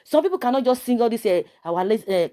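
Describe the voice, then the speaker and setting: A woman's voice: a little high, animated, fairly quick, warm tone. A woman with a Nigerian accent giving passionate, preachy video commentary, full of rhetorical questions and stammered repeats.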